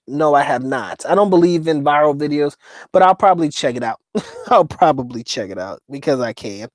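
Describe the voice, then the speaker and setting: A man's voice: on the high side, animated, brisk, dry recording, soft background music. A man hosting a casual livestream, reading chat comments aloud and joking with heavy profanity and frequent laughter. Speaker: host reading live chat.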